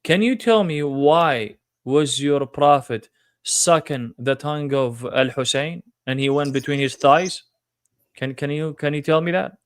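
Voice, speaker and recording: A man's voice: on the high side, unhurried, smooth, no echo, studio quality. A man hosting a live-streamed religious debate, talking in a confrontational, mocking way. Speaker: debate livestream host.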